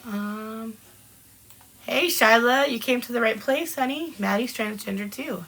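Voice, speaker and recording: A woman in her forties from Washington State chats on a live-streamed podcast and reads out viewer comments. Her voice is bright and forward, with a gravelly fry. She greets people by name and laughs often. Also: fairly high pitch, a little slow, a little hiss or hum, rough recording. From Washington State, USA. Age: 40s. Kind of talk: casual chat reading out live comments.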